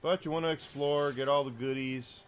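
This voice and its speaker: A man's voice: medium pitch, fairly even intonation, moderate pace, faint music behind. A man streaming a video game, chatting casually with viewers and commenting on what he finds. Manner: chatty, talks to chat readers between game remarks.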